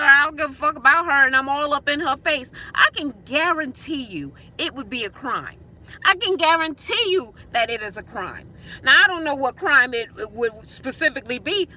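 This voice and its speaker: A woman's voice: sits high, pushed and bright. A woman telling a heated, profane story in a venting vlog, recorded on a phone in her parked car. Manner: blunt, profane, heated retelling. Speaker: vlogger.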